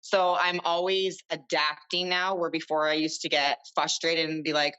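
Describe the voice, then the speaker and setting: A woman's voice: deep voice, fairly even intonation, normal speed, few pauses, bright, forceful tone, smooth, muffled recording. A woman in her thirties, a podcast guest chatting casually and rambling with lots of fillers. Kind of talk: casual chat.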